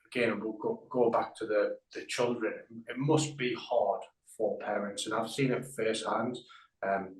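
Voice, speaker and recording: A man who is a guest tattoo artist, talking in a measured, reflective way in an interview over a video call. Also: on the low side, steady tone, reverberant, low-quality recording. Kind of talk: conversational interview.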